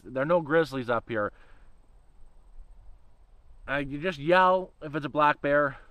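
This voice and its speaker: A man's voice: medium pitch, clean tone, dry recording, lo-fi sound. A man rambling in a casual livestream chat, swearing freely and laughing often. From Canada. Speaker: channel host.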